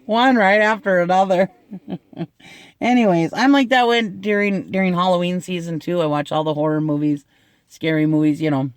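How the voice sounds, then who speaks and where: Gushing middle-aged man, slightly high voice. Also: fairly even intonation, normal speed, clean tone, no room sound. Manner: gushing, chatty, laughs often. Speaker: unboxing vlogger. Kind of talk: casual unboxing chat.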